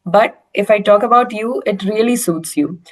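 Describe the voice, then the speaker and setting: A woman's voice: mid-range voice, moderate pace. A woman with an Indian accent coaching a learner in casual English conversation. She is encouraging and often checks in with "right?".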